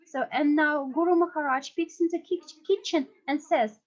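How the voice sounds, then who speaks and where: A woman telling a personal memory as a disciple at a devotional gathering, in an earnest, halting way with frequent restarts. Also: sits high, muffled recording.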